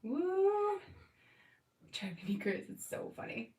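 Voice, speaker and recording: A woman's voice: extremely high pitch, very animated, slow, darkish tone. A woman in her thirties hosting a live scrapbooking stream, chatting casually and giggling as she talks to viewers by name. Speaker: scrapbooking livestream host. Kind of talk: casual live crafting chat. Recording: roomy, from a distance.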